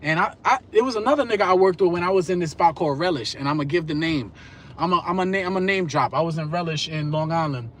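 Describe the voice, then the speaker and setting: A man's voice: a little high, fast, a bit bright, a little hiss or hum. A man in his thirties telling rambling, profane stories in streetwise slang on a live stream. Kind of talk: casual storytelling rant.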